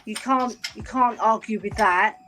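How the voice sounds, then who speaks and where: A woman's voice: mid-range voice, a little slow, sharp tone, slight background noise. A woman calling in to a football chat show, chatty and teasing with frequent giggles. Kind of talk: casual call-in chat.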